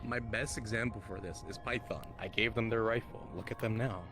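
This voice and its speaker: Low voiced guy cracking dry jokes, music behind. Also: fairly even intonation, fairly quick. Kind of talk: casual chat.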